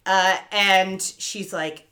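A woman with a bright, forceful voice chats through a TV episode recap. She acts out the characters' lines with lively quoted voices and laughs often. Her tone is casual and swears freely. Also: mid-range voice, very slow. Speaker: podcast co-host recapping a TV episode. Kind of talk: casual chat, retelling scenes with quoted voices.

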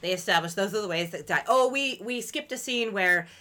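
Animated woman podcast co-host. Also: mid-range voice, fairly quick. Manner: animated, chatty, acts out characters in quotes. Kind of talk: casual chat recapping a TV show.

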